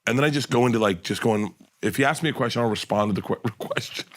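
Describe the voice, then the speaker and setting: A man's voice: mid-range voice, fast. A middle-aged man, a comedian guest, telling casual podcast stories and acting out the people in them. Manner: animated storyteller acting out quotes.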